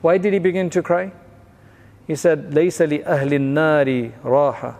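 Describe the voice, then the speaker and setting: Male religious teacher, fairly high voice, explains in plain steps, long reverb on the recording. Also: steady tone, moderate pace, darkish tone. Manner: explains narrations plainly, with Arabic phrases.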